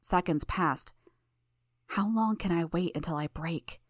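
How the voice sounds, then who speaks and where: A woman narrating a first-person audiobook in a measured, steady manner. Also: fairly low pitch, no room sound, studio quality.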